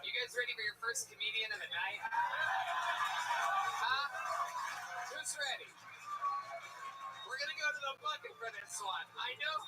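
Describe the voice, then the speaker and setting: A man's voice: very high voice, a little slow, pauses often, distant mic, over loud music, poor audio. A man hosting a live comedy show, brash and profane. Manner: brash and profane, scolding crew. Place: live comedy club stage.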